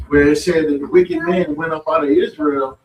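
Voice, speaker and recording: A man with a high voice tells stories at a religious meeting in a blunt, profane, conversational way. He is recorded from across an echoey room. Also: fairly even intonation, moderate pace, crowd noise. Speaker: speaker at a religious study meeting. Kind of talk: informal preaching and storytelling. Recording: echoey room, mic far off.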